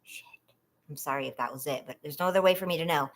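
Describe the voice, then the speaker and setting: A woman's voice: low-pitched, fast. A woman from California hosting a casual trivia livestream, chatty and giggling often as she reads questions and talks to viewers.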